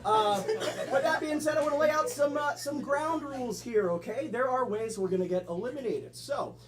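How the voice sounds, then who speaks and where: A man hosting a live improv comedy show, loud and joking as he explains the rules to the audience. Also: extremely high pitch, normal speed. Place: comedy theater stage. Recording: live crowd around.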